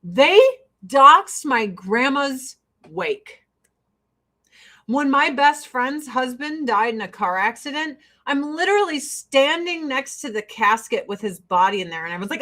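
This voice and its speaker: A middle-aged woman talks through her get-ready-with-me routine at home. She tells blunt, profane stories and laughs often. Her voice sits somewhat high. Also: expressive, a little slow, pushed and bright. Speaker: vlogger. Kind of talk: casual get-ready-with-me chat.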